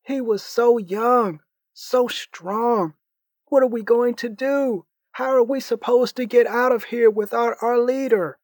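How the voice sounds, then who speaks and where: A frantic young man voiced by a male reader pleads in a raised, strained pitch, drawing out his words. He is melodramatic and quick to despair. The sound is dry and close. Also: dry recording, full character voice.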